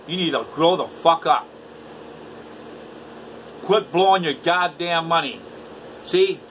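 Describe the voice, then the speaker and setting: A man's voice: on the high side, sharp tone, a little hiss or hum, rough recording. Profane bitter man ranting at home. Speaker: vlogger. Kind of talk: angry rant to camera. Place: indoors at home.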